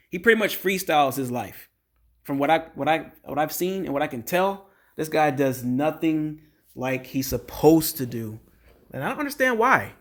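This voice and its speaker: A man casually recapping a reality show episode, chatting straight to his viewers. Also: fairly high pitch. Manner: chatty, conversational, addresses viewers as guys.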